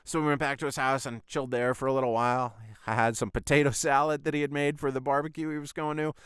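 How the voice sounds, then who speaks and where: A man's voice: mid-range voice, level tone, fast talker, a bit bright, smooth, no room sound, clean studio sound. A man hosting his own podcast, telling a long personal story in a loose, rambling way, full of swearing and "I was like" retellings. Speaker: podcast host. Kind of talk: casual storytelling monologue.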